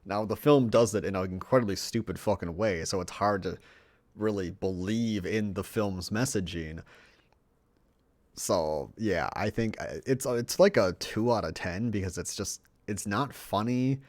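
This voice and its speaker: A man with a fairly low voice gives a loose, foul-mouthed movie review. He rambles and mocks the film with sarcasm, sometimes slipping into silly voices for the characters. The sound is dry and close to the mic, with no room around it. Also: measured pace, no echo. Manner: acts out characters in mocking voices. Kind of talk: casual profane movie review.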